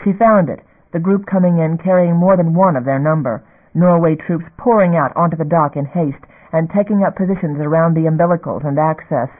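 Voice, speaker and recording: A man reading a novel aloud in a steady, measured scripted narration. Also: on the high side. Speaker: audiobook narrator. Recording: phone-like narrow band.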